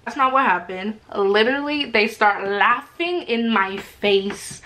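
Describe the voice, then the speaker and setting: A woman's voice: medium pitch, a little slow, few pauses, background noise. A woman in her twenties from Alaska, chatting casually to camera at home and telling stories with lots of fillers. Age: 20s. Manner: animated, talks with lots of fillers. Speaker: vlogger. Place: home room.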